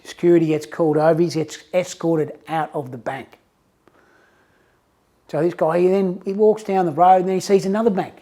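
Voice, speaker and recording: A man's voice: high voice, moderate pace. Casual male coach telling a story. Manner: casual, animated, with restarts. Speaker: success coach. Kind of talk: motivational storytelling.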